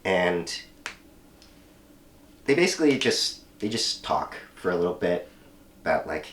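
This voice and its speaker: A man hosting a casual podcast, retelling a comic story in an animated, profane way with lots of fillers. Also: low-pitched, measured pace, slight background noise. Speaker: podcast host. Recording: roomy room, mic at a distance.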